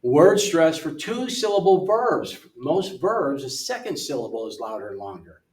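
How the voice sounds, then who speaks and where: An older man working through an English app lesson in a relaxed way, thinking aloud and reading words off the screen, recorded from away from the mic in a room. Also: fairly high pitch, normal speed, distant mic, a little hiss or hum. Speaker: missionary English tutor. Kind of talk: casual walkthrough of an app lesson. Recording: roomy sound from away from the mic.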